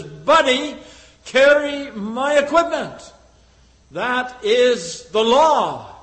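Man, preacher, sermon, very high voice, dramatic swings from loud to hushed. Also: rough recording.

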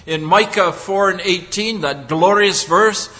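Slow, high-voiced male preacher. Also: bright, forceful tone, big-room sound. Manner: deliberate, rhetorical questions. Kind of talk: sermon.

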